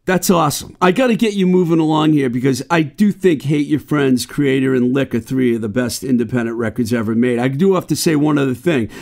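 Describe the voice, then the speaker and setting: A man's voice: medium pitch, a little fast, hardly any pauses, darkish tone. A man hosting a podcast, chatting casually and enthusiastically with his guest. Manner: enthusiastic, laughs along with the guest. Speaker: podcast host. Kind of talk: casual interview chat.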